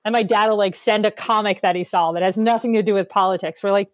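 A woman's voice: medium pitch, fairly quick, dry recording. Woman rambling through comic asides, dry sound. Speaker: podcast co-host. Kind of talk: comedic casual chat over video call.

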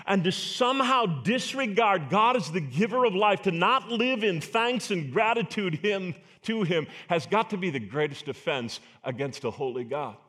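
A man's voice: high voice, lively intonation, moderate pace, few pauses, fairly bright tone. A man preaching a sermon as pastor, earnest and emphatic, asking the congregation rhetorical questions.

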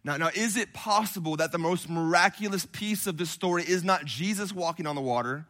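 A man in his thirties preaching a sermon to a congregation, swinging from quiet and intimate to loud and impassioned. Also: sits high, brisk. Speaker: pastor. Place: church hall with congregation.

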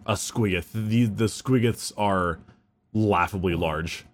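A man's voice: fairly low pitch, slow. A man co-hosting a casual podcast chat, explaining game lore eagerly and swearing freely. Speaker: podcast co-host.

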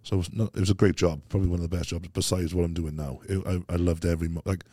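Welsh man, very low dark voice, quick rambling casual chat, podcast guest. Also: fairly even intonation, dry recording, studio quality. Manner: rambling, laughs often, British slang.

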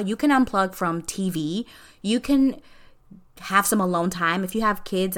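A woman's voice: mid-range voice, a bit bright. A woman hosting a podcast, talking in a casual, earnest and encouraging way straight to her listeners. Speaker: podcast host. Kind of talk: casual motivational monologue.

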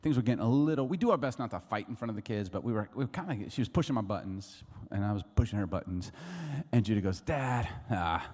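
Animated pastor in his forties, echoing hall. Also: fairly low pitch. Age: 40s. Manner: conversational and jokey, acting out quick voices. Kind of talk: sermon.

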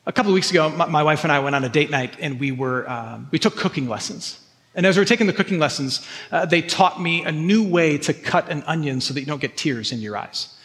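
High-voiced pastor preaching in a reverberant hall. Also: male voice, quick pace, fairly bright tone. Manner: earnest, repeats words when stressing a point. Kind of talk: sermon.

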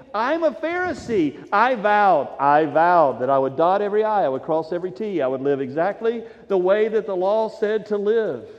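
A fervent apostle pleads his case before a king in a fairly high voice, as a preacher voices him, earnest and rising to loud declarations. The sound is dull and rings with long hall reverb.

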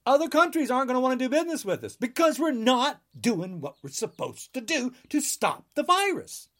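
A man's voice: very high voice, big pitch swings, fairly quick, a bit bright. A man in his sixties delivering a heated, rambling podcast monologue, emphatic and full of restarts. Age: 60s. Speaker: podcast guest.

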